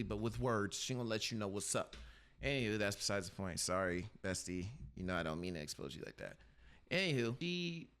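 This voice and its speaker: Animated young man telling a story. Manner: animated, acts out quoted voices with big pitch jumps. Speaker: podcast host. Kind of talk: casual storytelling.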